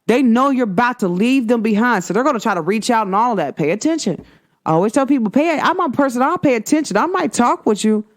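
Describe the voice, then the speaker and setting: A woman's voice: fairly high pitch, a little mellow. A young woman hosting her own show, giving a casual, chatty spiritual energy read to her viewers, repeating herself for emphasis. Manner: chatty, repetitive, emphatic with frequent "like" and "guys". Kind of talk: casual spiritual vlog talk.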